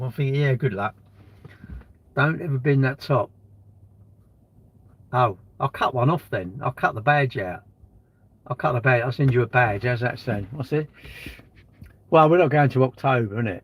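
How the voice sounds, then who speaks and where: Man, fifties, live streamer, rough husky voice, blunt chatty rambling with crude jokes. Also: mid-range voice, moderate pace, pauses often, lo-fi sound. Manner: rambling, blunt banter with swearing, answers chat comments. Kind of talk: casual live-stream chat.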